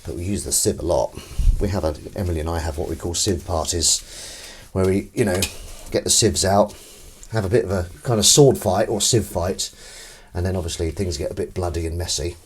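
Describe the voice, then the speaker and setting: A man's voice: deep voice, fairly quick, a little hiss or hum. A man hosting a casual livestream while washing up, punning and mocking himself as he chats to viewers. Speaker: livestream host. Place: home kitchen.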